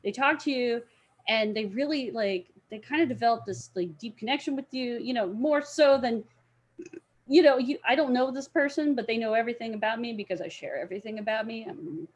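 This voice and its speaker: A young woman with a slightly high voice and brisk pace tells a story in an interview, voicing the quoted people with loud outbursts and bursts of laughter.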